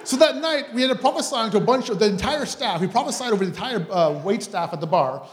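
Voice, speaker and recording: A man with a French-Canadian accent, a preacher telling a lively testimony story with many restarts. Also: high-pitched, fast, roomy sound. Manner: animated, chatty, many restarts.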